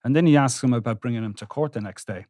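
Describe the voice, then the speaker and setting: A man, a court reporter recounting trial testimony on a podcast with halting restarts. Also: mid-range voice, warm tone, no room sound, studio quality. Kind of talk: podcast discussion.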